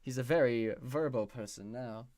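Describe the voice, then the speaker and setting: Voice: mid-range voice, normal speed, darkish tone, dry recording. Giggly game master, dry close sound. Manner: giggly, stumbling restarts. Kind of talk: casual chat.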